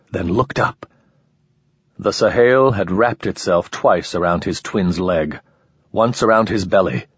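Male audiobook narrator, slow, husky, low voice, dull dry lo-fi recording. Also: dry recording. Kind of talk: scripted narration.

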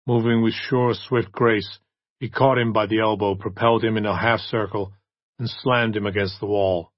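A man narrating an audiobook in a steady, even reading voice. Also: on the low side, no room sound, dull audio.

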